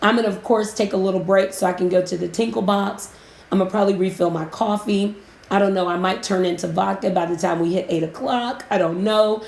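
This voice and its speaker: A woman coaching business owners on a live broadcast, chatty and emotional, giving shout-outs to viewers. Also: medium pitch, steady tone, a little fast, vocal fry. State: emotional, near tears. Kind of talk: casual live-stream talk. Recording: roomy echo.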